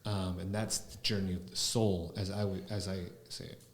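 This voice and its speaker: A man, a spiritual teacher, talking slowly and reflectively as a podcast guest, often pausing with fillers. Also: low voice, level tone. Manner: slow, musing, with frequent fillers. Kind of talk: reflective conversational talk. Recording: roomy echo.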